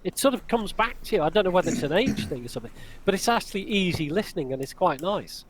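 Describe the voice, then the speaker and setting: A man in his forties in casual conversation, chatty and animated as he tells stories. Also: sits high, quick pace, background noise. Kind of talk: casual chat.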